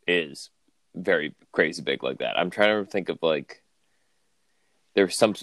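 A man co-hosting a podcast over a remote call, chatting casually with dry, deadpan complaints and playful bits. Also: low-pitched, a little slow, gravelly, dry recording. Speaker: podcast co-host. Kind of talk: casual chat.

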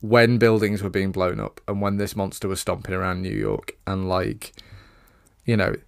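A man's voice: low-pitched, animated, normal speed, creaky, clear, resonant tone, no room sound, clean studio sound. A man co-hosting a casual film review chat, sarcastic and swearing casually. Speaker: podcast co-host.

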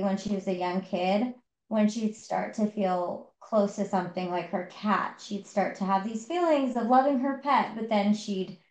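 Podcast co-host, woman, mid-pitch, talks through a book story with lots of fillers. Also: reverberant, low-quality recording. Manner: retelling a story with many fillers. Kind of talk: casual book discussion.

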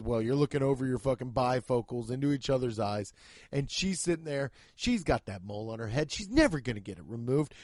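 A man's voice: medium pitch, darkish tone, no room sound. A man in his thirties hosting a podcast, with a profane, mocking comedic rant. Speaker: podcast host.

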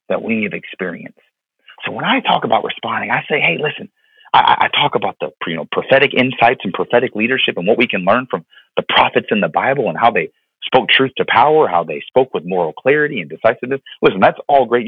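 Earnest pastor on a tinny phone line. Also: male voice, on the low side, breathy edge, no room sound. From Florida. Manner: earnest, heartfelt, with many fillers and repeated words. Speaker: pastor, podcast guest. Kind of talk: personal storytelling in an interview.

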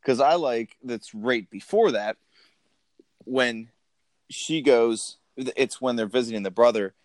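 A man co-hosts a casual movie podcast, talking about a film at a slow pace in a mid-range voice. He laughs often and acts out quotes, and the recording is dry.

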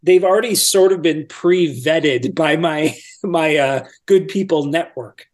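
A man, a voice-over coach, explaining his methods step by step in a relaxed podcast interview. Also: a little high, unhurried.

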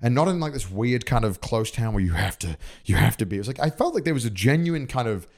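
A man's voice: medium pitch, fast talker, gravelly. A young man from Wales with a Welsh accent, chatting casually as a podcast guest, rambling with lots of fillers. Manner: rambling, filler-heavy, animated storytelling. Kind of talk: casual chat.

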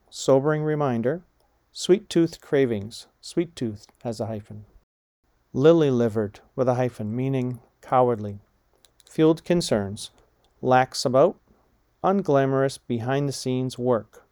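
A man slowly reading vocabulary words and example sentences aloud, deliberate and measured, spelling out punctuation like commas and hyphens. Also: medium pitch, warm tone, no echo, clean studio sound. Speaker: vocabulary reader. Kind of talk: slow dictation of vocabulary words and phrases.

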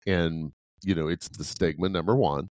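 Blunt, low-voiced middle-aged man. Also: steady tone, normal speed, a little mellow, no echo, clean studio sound. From Ohio, USA. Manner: blunt, profane, laughs often. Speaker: podcast co-host. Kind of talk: casual podcast chat.

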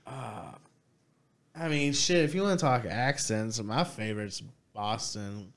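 A man hosting a casual podcast chat, laid-back and halting, swearing offhandedly. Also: medium pitch. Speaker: podcast host.

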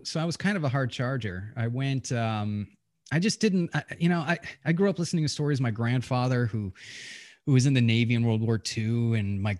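A man's voice: mid-range voice, darkish tone, no room sound. A middle-aged man talks candidly in a casual interview and tells stories with salty language. He often stumbles and restarts his sentences. He is recorded dry and close on a studio mic. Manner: candid, profane storytelling with many restarts. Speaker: podcast guest, retired pilot.

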